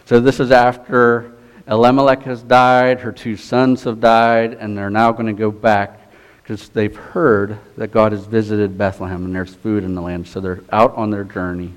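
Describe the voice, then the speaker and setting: A man's voice: on the low side, little pitch movement, moderate pace. A man preaching a sermon, reading scripture and retelling it in casual everyday speech. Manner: paraphrases scripture in everyday voices, conversational.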